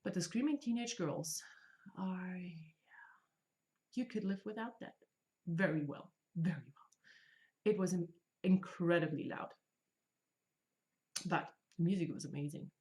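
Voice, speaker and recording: A woman's voice: on the low side, unhurried, long pauses, dark tone. A woman in her thirties hosting a casual craft podcast, talking with chatty enthusiasm and joking about herself. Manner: chatty, enthusiastic, self-deprecating jokes. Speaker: podcast host. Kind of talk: casual chat.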